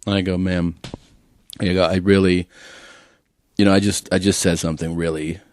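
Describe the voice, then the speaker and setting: A man's voice: sits low, normal speed. A man hosting a comedy podcast, telling a story in casual chat and acting out what people said. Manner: animated storyteller acting out quotes.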